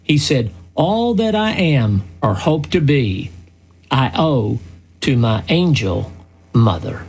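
A man's voice: mid-range voice, big pitch swings, a little mellow, breathy edge. An older man hosting a radio commentary, telling stories in an earnest, folksy way. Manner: slow, earnest, folksy storytelling.

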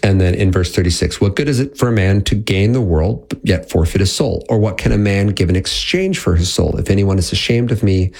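A man's voice: low voice, brisk, gravelly, few pauses, darkish tone. A man in his thirties preaching a sermon in a casual, conversational way with frequent fillers. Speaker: pastor.

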